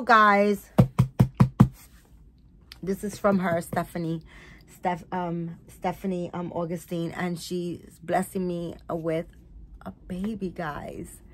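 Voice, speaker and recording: Slow-talking, gushing woman vlogger. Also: lowish voice, fairly bright tone, slight background noise. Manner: gushing, full of "like" and "um" fillers. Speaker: doll channel vlogger. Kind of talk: casual unboxing vlog. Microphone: phone or camera set nearby.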